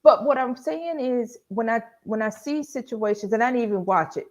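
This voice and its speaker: A woman's voice: on the high side, moderate pace. A woman co-hosting a casual panel chat, talking in a rambling, chatty way. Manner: rambling, chatty, loses her train of thought. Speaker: panel co-host.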